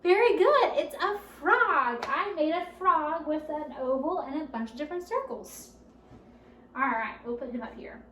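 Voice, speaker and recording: A woman leading a children's storytime at a library, speaking slowly and encouragingly and asking the children questions as she goes. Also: sits high, lively intonation, sharp tone, a little hiss or hum. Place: library room. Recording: roomy, distant camera audio.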